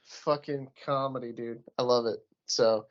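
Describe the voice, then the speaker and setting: A man's voice: mid-range voice, steady tone, measured pace, dull audio. A man co-hosting a podcast in casual banter, laid-back, swearing freely and laughing often. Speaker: podcast co-host.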